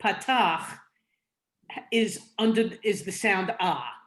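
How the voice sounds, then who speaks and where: A woman's voice: medium pitch, lively intonation, takes it slowly. A woman student asking a question in an online class, speaking carefully and searching for her words. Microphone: video call.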